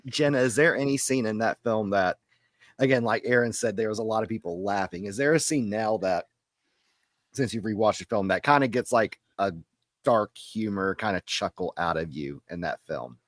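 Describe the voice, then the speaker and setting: A man hosting a podcast, asking guests questions in casual chat and laughing loudly. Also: lowish voice, normal speed, no room sound. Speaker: podcast host. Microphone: home mic on a video call.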